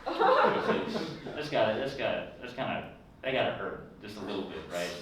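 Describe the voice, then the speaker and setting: A man's voice: fairly low pitch, wildly swooping pitch, normal speed. A young man telling crude jokes in a conversational stand-up set, often tagging lines with "right?". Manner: crude, conversational, tag questions. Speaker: stand-up comedian. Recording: echoey room, far mic, loud noise.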